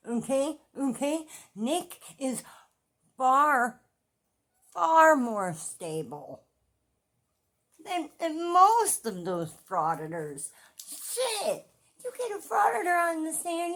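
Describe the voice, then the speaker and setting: Animated, profane middle-aged woman ranting. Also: medium pitch. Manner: profane, repetitive and emphatic. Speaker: true-crime commentary vlogger. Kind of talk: ranting commentary.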